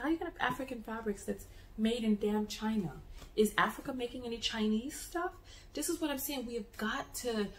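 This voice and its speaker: An American woman talking to camera in a casual travel vlog, an animated storyteller who restarts and repeats words as she goes. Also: fairly high pitch, reverberant. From United States. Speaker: travel vlogger.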